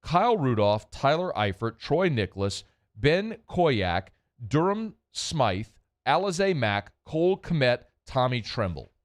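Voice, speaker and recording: Male host doing a boastful middle-aged football coach, smooth self-congratulating sales pitch. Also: big pitch swings, slow pace.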